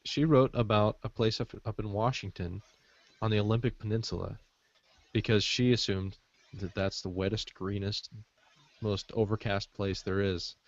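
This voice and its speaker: Low-voiced man rambling on a dry call. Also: fairly even intonation, normal speed, no room sound. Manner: rambling, with frequent fillers. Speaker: podcast co-host. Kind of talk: casual chat. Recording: muffled dry call audio.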